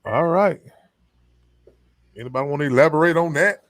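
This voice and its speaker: A man's voice: fairly high pitch, normal speed, background noise. A man hosting a casual panel talk in a loose way, laughing often.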